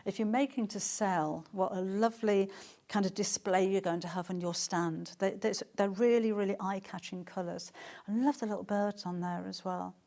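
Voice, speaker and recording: A middle-aged woman, presenting a live sales show at an ordinary, even pitch. Her talk is chatty and gushing, and she reads out comments from viewers between her product points. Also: moderate pace. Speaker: shopping channel presenter.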